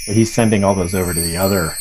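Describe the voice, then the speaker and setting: A man's voice: low-pitched, steady tone, very fast, loud music behind the voice. Playful man in casual chat. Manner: playful, laughs often, imitates sounds.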